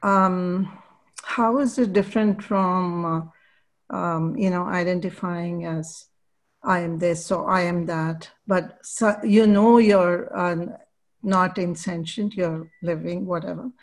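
Woman student asking a question, slow and hesitant, lots of ums. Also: on the low side, fairly even intonation. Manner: hesitant, many fillers.

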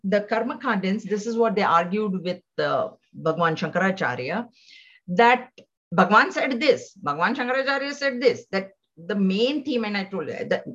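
Patient woman teaching scripture, lo-fi. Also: mid-range voice. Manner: patient, repeats and chants phrases slowly, asks listeners to confirm. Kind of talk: explaining scripture to a class. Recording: dull lo-fi sound.

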